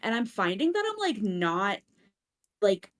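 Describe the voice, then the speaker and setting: A woman's voice: mid-range voice, sing-song, measured pace. A woman chatting casually on an online voice call, rambling with many fillers and poking fun at herself. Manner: rambling, lots of "like" fillers, self-deprecating. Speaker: community member, regular. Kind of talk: casual group chat on a voice call. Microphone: computer mic on an online voice call.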